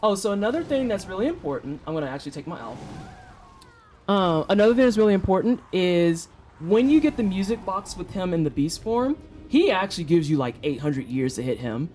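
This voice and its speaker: A thirty-something streamer from St. Louis, USA, banters casually with chat during a game, joking, swearing, and trash-talking in slang. The voice sits at medium pitch with a sing-song lilt, a brisk pace, a darkish tone, and a slight hiss or hum.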